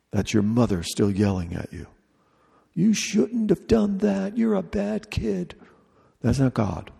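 Man giving a retreat talk, low husky gravelly voice, slow and deliberate with repeated phrases, echoing in a big hall. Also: warm tone. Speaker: retreat leader. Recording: long reverb of a large hall.

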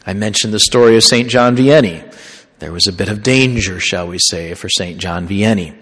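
Low husky priest preaching in reverb. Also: male voice, a bit bright. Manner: conversational storytelling preaching, slow deliberate phrasing. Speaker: Catholic priest. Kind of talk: sermon. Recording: long hall reverb.

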